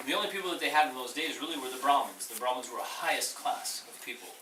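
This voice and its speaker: A man, a Buddhist minister, telling a story to a small group in a relaxed, animated way that acts out the quotes. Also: medium pitch, fast. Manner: casual, animated, acting out quotes. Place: room with a small audience. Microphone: distant room mic. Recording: echoey room, far mic, background noise.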